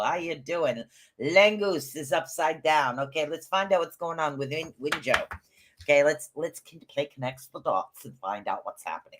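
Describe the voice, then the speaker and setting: Rambly live stream rune reader, middle-pitched voice, calls out viewers one by one. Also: lively intonation, a little slow, noisy background. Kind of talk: casual live-stream reading.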